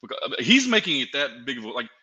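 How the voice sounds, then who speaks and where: A man's voice: medium pitch, big pitch swings, fast, sharp tone, slightly rough, rough recording. A man hosting a podcast, chatting casually and hyping up his guest. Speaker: podcast host.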